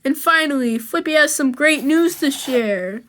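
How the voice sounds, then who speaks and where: Read-aloud narrator, woman, high voice, slow and playful. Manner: lively and playful. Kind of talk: children's book read-aloud.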